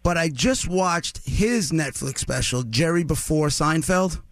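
A man's voice: a little high, animated, measured pace, dry recording. A man co-hosting a morning radio show, chatty and enthusiastic, stumbling over restarts. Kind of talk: casual radio chat.

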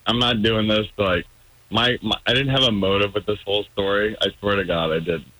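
A man's voice: lowish voice, fairly even intonation, brisk, sharp tone, no echo, rough recording. A man calling into a radio show, telling a story in a rambling, hesitant way with many ums. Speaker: caller guest on a radio show. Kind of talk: casual storytelling on a phone-in.

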